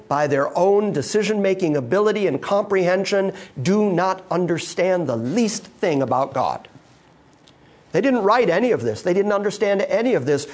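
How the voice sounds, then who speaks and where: A man's voice: sits high, darkish tone. A man preaching a sermon to a live congregation, emphatic and full of rhetorical questions put to the listeners. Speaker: pastor.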